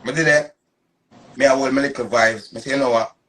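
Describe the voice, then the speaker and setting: A man's voice: medium pitch, steady tone, brisk, fairly bright tone. A man in his thirties with a Jamaican Patois accent, ranting on a casual live stream in an emphatic, repetitive, boastful way. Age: 30s.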